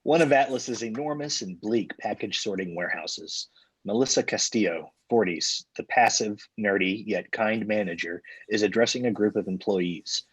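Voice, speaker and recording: A man reading the stage directions deadpan in a live comedy table read. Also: lowish voice, normal speed, breathy edge, poor audio.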